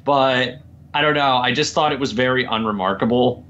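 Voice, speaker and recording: A man in casual podcast chat, ranting about films with lots of energy and laughing as he talks. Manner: animated, laughs often, mimics people in a slow low drawl. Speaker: podcast guest. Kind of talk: casual chat, movie rant. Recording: dull lo-fi audio.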